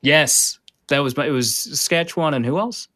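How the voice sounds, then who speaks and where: A man hosting a podcast, chatting casually with a guest and teasing him with dry, quick jokes. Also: fairly high pitch, pushed and bright. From Minnesota. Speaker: podcast host.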